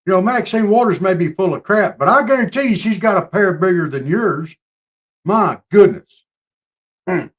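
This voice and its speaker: A man ranting on a live talk show, mocking and swinging between loud outbursts and low mutters. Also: lively intonation, normal speed. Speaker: show co-host. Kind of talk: casual political chat.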